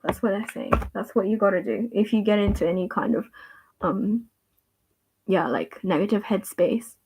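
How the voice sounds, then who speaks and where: Woman giving a gentle, rambling tarot reading. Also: medium pitch, normal speed, husky. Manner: rambling, many fillers and repeats, gentle reassuring. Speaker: livestream tarot reader. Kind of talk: casual livestream chat with tarot reading.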